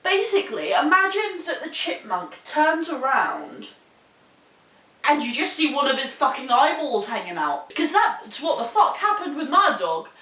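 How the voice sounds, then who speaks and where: A woman's voice: high-pitched, a little slow. Sweary young woman telling a wild story. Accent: New Zealand. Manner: sweary, animated, laughs while telling. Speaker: vlogger. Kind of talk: casual storytelling. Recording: echoey room, mic at a distance.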